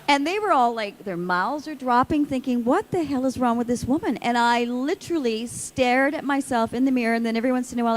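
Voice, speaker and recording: A woman actor on a convention panel, telling a self-mocking story to the audience in a lively way. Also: a little high, slight background noise.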